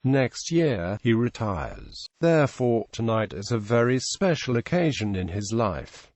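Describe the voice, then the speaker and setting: A man with an Australian accent giving a measured, formal ceremony speech as organizing committee president, reading a prepared address at a podium microphone. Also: mid-range voice, big pitch swings, a little mellow, no room sound. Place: large outdoor stadium.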